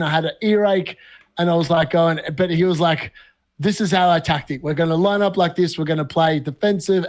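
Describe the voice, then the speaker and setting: A young man from Australia, a podcast guest, telling animated, laugh-filled stories in casual talk. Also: high voice. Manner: animated, laughs often, lively anecdotes. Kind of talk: casual storytelling.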